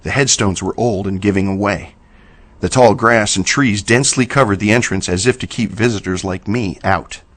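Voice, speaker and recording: A man reading a horror story aloud in a slow, measured storytelling manner. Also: on the low side, fairly bright tone. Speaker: narrator. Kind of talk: scripted horror narration.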